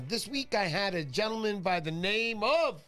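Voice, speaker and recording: A man's voice: high voice, animated, normal speed, bright, forceful tone, soft background music. A middle-aged man hosting a casual livestream, joking and greeting viewers by name. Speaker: livestream host.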